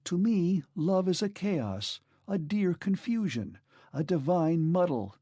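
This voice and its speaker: A man's voice: high-pitched, big pitch swings, takes it slowly, mellow, dry recording, pitched above the performer's own voice, heavily acted. A man reading an audiobook, voicing a serious, idealistic woman who speaks firmly and fervently. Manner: firm, fervent.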